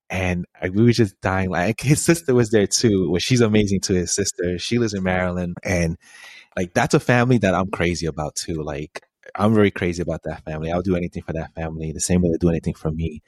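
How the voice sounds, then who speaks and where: A man's voice: deep voice, brisk, a little mellow, no room sound. A young man from a Puerto Rican family, co-hosting a podcast and telling a story in a laughing, casual way. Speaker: podcast co-host. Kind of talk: casual chat. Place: home, sitting face to face.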